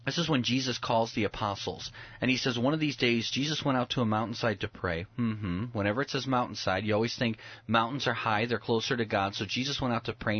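A man's voice: mid-range voice, husky, no echo, lo-fi sound. A man speaking as a pastor, explaining scripture earnestly in a conversational preaching style. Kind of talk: preaching on a talk show.

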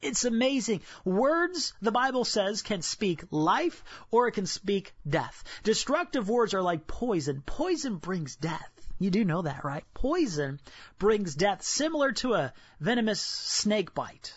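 A man's voice: high-pitched, unhurried, breathy edge, dry recording, highs cut off. A male pastor preaching a sermon, telling stories and asking the congregation rhetorical questions. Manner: animated storytelling with rhetorical questions.

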